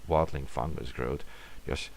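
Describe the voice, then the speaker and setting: A man with an extremely low, gravelly voice reads a horror story aloud. His delivery is dramatic and at times sinks to a whisper. A faint hiss sits under the recording. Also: fairly even intonation, unhurried. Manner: dramatic reading, sometimes dropping to a whisper.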